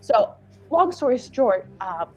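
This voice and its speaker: A woman's voice: on the high side, very animated, slow pace, breathy edge, dull audio. Chatty woman playing a tabletop game. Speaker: player.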